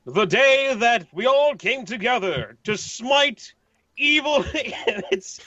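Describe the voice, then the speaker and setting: A man in a tabletop game delivers a goofy, mock-heroic speech in a high, very lively voice. His tone is bright and sharp, and the sound is dull and dry. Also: slow pace, dry recording. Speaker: player.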